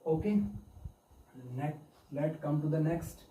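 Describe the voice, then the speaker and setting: A man teaching English pronunciation, who says each sound and example word again and again as a slow drill. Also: a little high, mellow. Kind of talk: pronunciation lesson. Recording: echoey room, voice from far off the mic, faint hiss.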